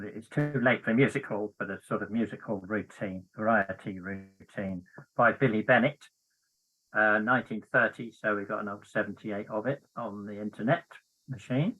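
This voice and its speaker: A man's voice: fairly low pitch, rough recording. A man hosting an online folk song meeting, introducing the next item casually with fillers. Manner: relaxed, with fillers. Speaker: online forum host.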